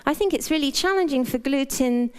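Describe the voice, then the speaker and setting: A middle-aged British doctor and speaker gives a frank, playful motivational talk in a conversational way. Her voice is high-pitched and her delivery brisk.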